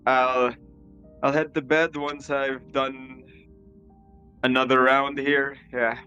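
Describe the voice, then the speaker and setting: A man's voice: medium pitch, flat delivery, takes it slowly, sharp tone, muffled recording, soft background music. A man playing a tabletop game, chatting casually and describing his character's actions. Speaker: player. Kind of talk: casual tabletop play talk.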